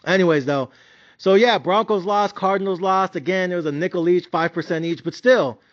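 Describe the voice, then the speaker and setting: A man's voice: high-pitched, a little fast, muffled recording. A man giving a blunt, profane, slangy rant reviewing his sports bets. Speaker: sports betting commentator.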